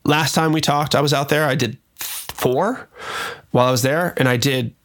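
A man's voice: medium pitch, moderate pace, fairly bright tone. An American man, a record producer, talking loosely and profanely in a casual podcast chat. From United States. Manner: loose and profane, many fillers.

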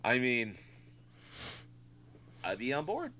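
A man's voice: mid-range voice, wildly swooping pitch, takes it slowly, bright, forceful tone, lo-fi sound, a little hiss or hum. A man co-hosting a casual podcast, rambling and swearing with lots of fillers. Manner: rambling, profane, many fillers. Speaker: podcast co-host.

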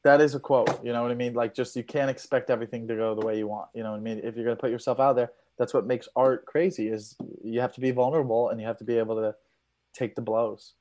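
A man's voice: mid-range voice, fairly even intonation, quick pace, mellow. A man, a comedian guesting on a podcast, rambling mock-serious advice with many fillers. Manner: rambling, mock-serious, lots of "you know". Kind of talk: casual comedy podcast chat.

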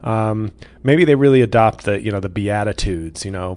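A man's voice: on the low side, moderate pace, darkish tone. A man hosting his own comedy podcast, delivering a profane, sarcastic rant with frequent restarts.

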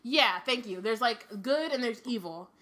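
Woman co-host, bright tone, chatty rambling book-talk delivery. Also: a little high, animated, normal speed. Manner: rambling, lots of fillers and restarts, swears casually. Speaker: podcast co-host. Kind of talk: casual book discussion.

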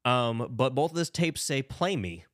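Animated young man recapping a movie. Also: medium pitch, unhurried, dry recording, clean studio sound. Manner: animated, swearing, mocking impressions. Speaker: podcast co-host recapping a movie. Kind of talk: casual chat.

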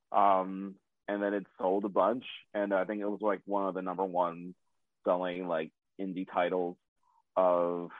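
A man's voice: fairly low pitch, no echo. A man telling a personal story in casual chat, laughing often, swearing freely and poking fun at himself. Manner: profane, laughing, self-deprecating. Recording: dry tinny phone-like sound.

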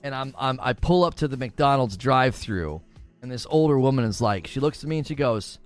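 A man in his forties chatting casually with viewers on a livestream, telling stories in an animated, laughing way. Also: mid-range voice, fairly quick, faint music behind. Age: 40s.

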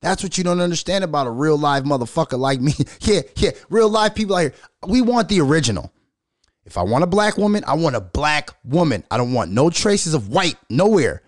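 A middle-aged man ranting in a loud, profane, storytelling way as a commentary vlogger. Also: a little high, very animated, a little fast, no echo, clean studio sound. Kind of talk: unscripted profane rant.

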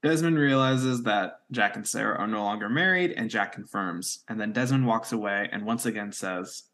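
A man co-hosting a casual podcast, recapping plot points in a quick storytelling way. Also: fairly low pitch, a bit bright. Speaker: podcast co-host recapping episodes. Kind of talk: casual chat.

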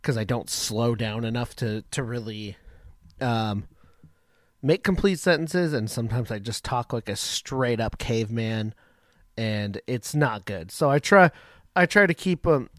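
A man hosting a radio show in a casual, rambling way, swearing freely and filling pauses with ums. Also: medium pitch, no room sound, studio quality. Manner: rambling, profane, lots of ums. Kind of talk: casual talk-radio intro. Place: home radio setup.

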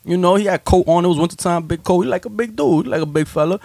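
Animated New man telling a story. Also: quick pace, creaky, no echo. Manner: animated, laughing, swearing, jumps into high voices for quotes. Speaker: podcast host telling a story. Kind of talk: casual storytelling chat.

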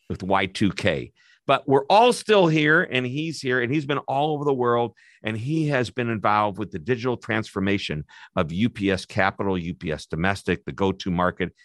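An upbeat, chatty man hosts a business interview podcast from a dry, close microphone. His voice sits at an ordinary pitch, and he now and then trips over his words. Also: fairly bright tone, no room sound. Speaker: podcast host.

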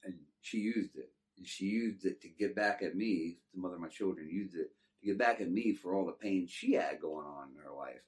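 A man's voice: sits low, a little fast, few pauses. A middle-aged man from Texas with a Texan accent, telling his life story in a laid-back, rambling way. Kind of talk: casual storytelling. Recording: distant from the mic.

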